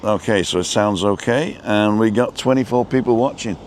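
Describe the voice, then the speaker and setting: A man live-streaming as he walks outdoors by the coast, chatty and rambling, a little out of breath from walking briskly. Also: fairly low pitch, a little mellow, a little hiss or hum. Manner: chatty, rambling, greets viewers by name. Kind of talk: casual walk-and-talk live stream.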